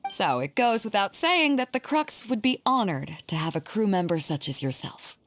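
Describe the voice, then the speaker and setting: An actress playing a bold, confident female pirate captain who speaks in a commanding, low, steady way in a video game. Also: moderate pace.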